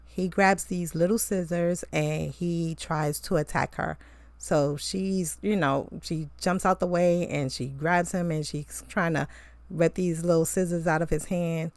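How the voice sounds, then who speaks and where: A young woman recapping a TV show in a loose, chatty way, tossing in slangy asides and getting animated. Her voice sits a little low. The sound is dry and close, with no room around it. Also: unhurried, no room sound. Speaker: TV show reviewer. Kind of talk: casual episode recap.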